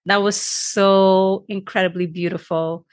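A woman podcast host in a casual interview, gushing and emotional with quick reactions. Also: medium pitch, flat delivery, no echo, studio quality.

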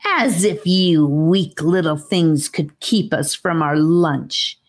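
A cruel female snake giggles and gloats over her prey in a low, slow, unhurried storybook voice, as a woman reads her. The menace is playful and savage at once. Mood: gloating. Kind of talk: audiobook character voice.

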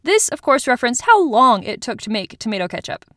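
A woman's voice: a little high, sing-song, a little fast, fairly bright tone, no echo, studio quality. A woman from Utah, hosting a podcast in a casual informative tone, chatty and self-deprecating, with little asides. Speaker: podcast host.

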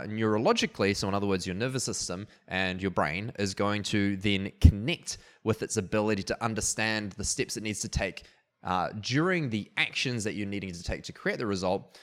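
A man with a somewhat low voice hosts his podcast in a relaxed, explanatory way. He rambles, fills gaps with ums and uhs, restarts his sentences, and laughs at his own asides. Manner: rambling, many fillers and restarts. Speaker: podcast host. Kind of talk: casual explanatory podcast talk.

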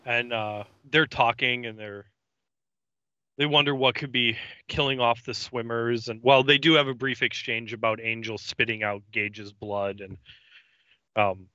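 A man in a casual podcast chat, recapping an episode slowly with many ums and uhs. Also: medium pitch, steady tone, bright, forceful tone, no echo. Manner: halting narration full of ums and uhs. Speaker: podcast co-host. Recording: dry, dull lo-fi mic.

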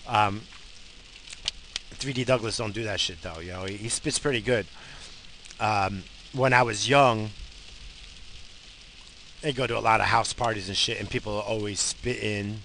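A man's voice: lowish voice, steady tone, moderate pace, vocal fry, pauses often, a bit bright, a little hiss or hum, rough recording. A man, rambling profanely as a casual podcast host while driving. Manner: profane, blunt, bursts of road rage.

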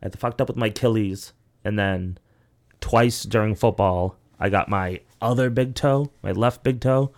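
A young man with a somewhat low voice hosts a casual podcast. He tells long, rambling stories full of "like" and "you know". He swears freely as he goes. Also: moderate pace, a little mellow. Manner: rambling, profane storytelling full of "like". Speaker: podcast host. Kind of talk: casual chat.

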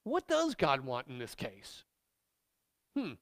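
A man's voice: mid-range voice, huge pitch swings, slow pace. A man preaching a sermon as pastor, speaking in an emphatic, conversational way.

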